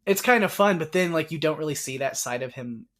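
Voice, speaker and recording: A man co-hosting a movie podcast, chatting casually and rambling with lots of fillers and quick laughs. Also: fairly high pitch, lively intonation, a bit bright. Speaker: podcast co-host. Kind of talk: casual movie review chat.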